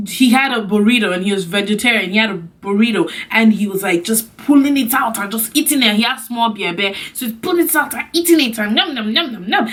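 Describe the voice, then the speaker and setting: A young woman vlogger telling a story to her camera in a casual, animated way, acting out the people she quotes. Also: recorded from a distance. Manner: animated, acts out quotes with big pitch jumps.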